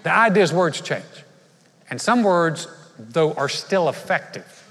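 A man's voice: fairly high pitch, very animated, unhurried, fairly bright tone. A man, a pastor giving a conversational, humorous sermon in a large church. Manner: conversational storytelling with humor and asides. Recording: live church hall reverb.

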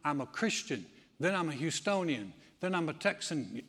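A man preaching a lively sermon in a church, his fairly high voice ringing out with a long hall reverb. He talks straight to the congregation, acts out the people he quotes and throws in asides. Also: normal speed, breathy edge. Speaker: pastor. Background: congregation responding.

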